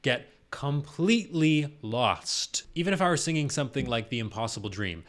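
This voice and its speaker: A man's voice: medium pitch, expressive, normal speed, a bit bright. A male vocal coach reacting to a performance, explaining technique and now and then singing short examples to demonstrate. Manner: explanatory, demonstrates sounds with his voice. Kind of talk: music reaction commentary.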